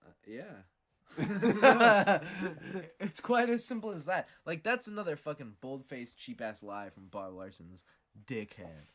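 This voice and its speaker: A man hosting a podcast who tells stories in a profane, animated way. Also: on the high side, unhurried. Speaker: podcast host. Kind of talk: casual storytelling.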